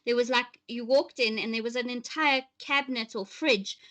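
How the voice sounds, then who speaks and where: Chatty South African woman, bright voice. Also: a little high, moderate pace. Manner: chatty, laughs often. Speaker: host. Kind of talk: casual livestream chat. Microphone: webcam close to the face.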